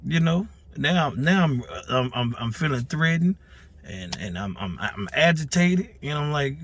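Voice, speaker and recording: A man casually recounting a dispute as a neighborhood mentor, animated and often stumbling over repeated words. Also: fairly high pitch, a little slow. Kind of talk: casual storytelling.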